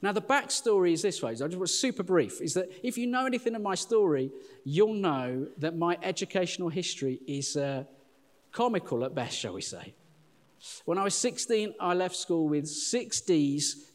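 A middle-aged man preaching a sermon, animated and chatty, often calling listeners "folks". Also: on the high side, normal speed. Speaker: pastor. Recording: long hall reverb.

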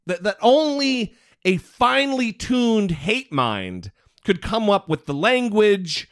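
A man's voice: high voice, slow. A man co-hosting a casual podcast, joking and swearing freely. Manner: profane, joking, animated. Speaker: podcast co-host.

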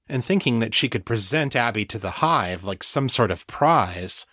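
A man narrating his own novel as an audiobook in a measured, steady way. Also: mid-range voice, dry recording, clean studio sound.

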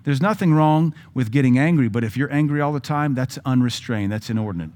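A man's voice: medium pitch, fairly quick, a little mellow. A man with a Southern US accent, a pastor preaching a sermon in a conversational style with joking asides.

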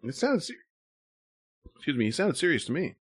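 A man hosting a casual podcast chat, animated and quick to swear. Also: fairly high pitch, breathy edge, no room sound, clean studio sound. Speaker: podcast host.

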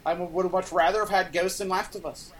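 A brash co-host on a casual gaming podcast who brags and needles the others. The shout-outs come out heavy with sarcasm. The voice sits at an ordinary middle pitch. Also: steady tone, quick pace. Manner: loud, sarcastic, boastful.

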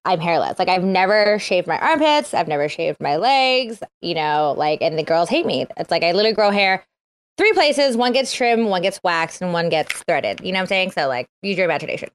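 A woman's voice: on the low side, sing-song, fairly quick, smooth. A woman comedian telling bawdy jokes in a casual online audio chat. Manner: bawdy, brash, joking. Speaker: comedian guest.

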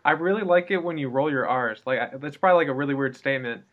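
A man's voice: mid-range voice, fast, narrow, tinny audio. A man hosting a casual podcast interview, friendly and rambling, who laughs often. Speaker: podcast host.

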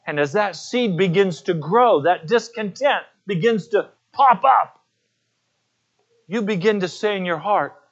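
A man's voice: high voice, expressive, a little slow, lo-fi sound. A man preaching a sermon as pastor, telling personal stories in an earnest way.

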